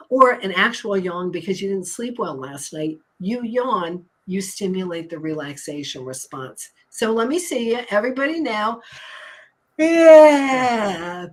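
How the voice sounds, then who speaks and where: A woman's voice: on the low side, fairly bright tone. A woman coach on a live stream, upbeat and teacherly, repeating key words for emphasis. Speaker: anxiety coach and hypnotist.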